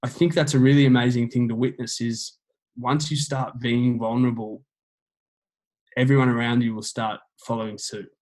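An earnest man talks through his points in a relaxed interview. His voice sits in a middle pitch, and he circles back over his phrases as he explains them. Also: moderate pace, low-quality recording. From Australia. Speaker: guest on men's mental health. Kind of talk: casual conversational interview.

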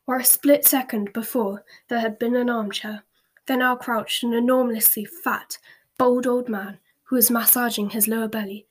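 A woman reads a story aloud in a slow, hushed whisper, now and then tripping over a word. Her voice is breathy and sits a little high. It is a soft, whispered storybook reading. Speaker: story reader.

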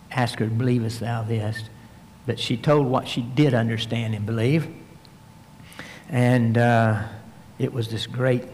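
A man's voice: mid-range voice, darkish tone, slight background noise. A man preaching a verse-by-verse sermon into a microphone, reading scripture aloud and explaining it with emphasis. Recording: long hall reverb.

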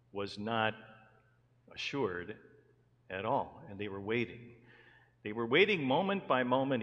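Low-voiced male pastor in an echoing church. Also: a bit bright. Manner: reads scripture, then tells stories in an earnest preaching voice. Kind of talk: sermon. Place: church sanctuary. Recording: long hall reverb in a church.

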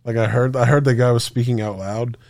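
Man, podcast host, casual rambling story, profane, acts out quotes, mid-pitched, dry close sound. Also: fairly even intonation, fairly quick, vocal fry, a little mellow, dry recording.

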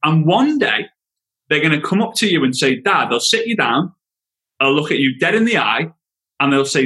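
Male guest, slightly high, earnest and emphatic. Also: big pitch swings, moderate pace, bright, forceful tone, poor audio. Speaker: podcast guest. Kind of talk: casual interview chat.

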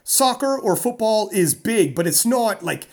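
A woman strongman athlete from North America, telling a story in a casual interview, animated and rambling with fillers. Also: medium pitch, a little slow.

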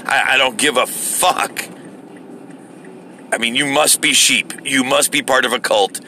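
Furious cursing man ranting, gravelly voice. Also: medium pitch, a little slow, sharp tone, a little hiss or hum. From United States. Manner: profane, heated ranting. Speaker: vlogger. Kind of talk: angry ranting monologue.

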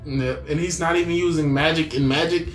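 A man chatting casually about anime, mostly adding short, agreeable replies in a mid-pitched voice. The room around him is roomy and echoey. Faint music sits behind. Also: steady tone, fairly quick.

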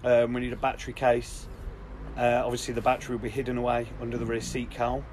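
A young man co-hosting a relaxed podcast, giving upbeat updates in a mid-range voice. A faint hiss sits under his speech. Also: mid-range voice, quick pace. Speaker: podcast co-host. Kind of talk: casual chat.

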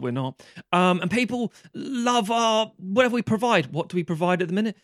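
A sardonic English man rants through a casual film podcast, swearing freely. His voice sits a touch high for a man. The recording is close and dry, with no room echo. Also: animated, a little fast, fairly bright tone. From England. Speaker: podcast co-host. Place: Norwich.

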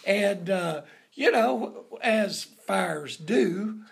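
A man with a deeply gravelly, rough, husky voice recounts an old family story. He rambles at an unhurried pace and stops often for fillers. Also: expressive.

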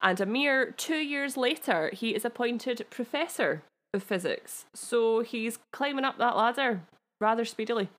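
A woman's voice: on the high side, animated, measured pace. Giggly Scottish woman telling history. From Scotland. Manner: chatty, giggly, self-deprecating asides. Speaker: podcast co-host. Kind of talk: casual chat, telling a history story.

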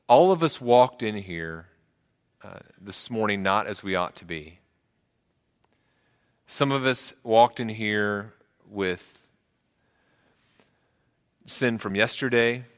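A man's voice: fairly bright tone, long reverb tail. A man preaching a sermon as pastor in a church, earnest, often repeating words as he builds a point. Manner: earnest, repeats words, rises in pitch for emphasis.

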